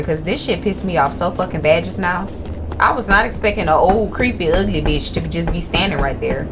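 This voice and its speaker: A woman's voice: on the low side, fairly quick, noisy background. Foul-mouthed woman streamer. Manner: loud, profane, swearing reactions. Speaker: gaming streamer. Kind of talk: horror gameplay commentary.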